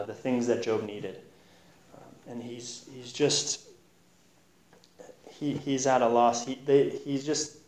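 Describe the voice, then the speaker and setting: A man's voice: medium pitch, a little mellow. A man giving an informal Bible teaching in an earnest, conversational way, pressing hard on key points. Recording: roomy echo.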